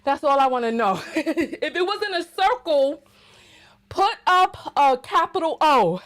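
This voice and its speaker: A woman's voice: sits high, animated, measured pace, fairly bright tone. A woman hosting a casual livestream, exuberant and playful, chatting to her viewers while out of breath. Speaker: livestream host.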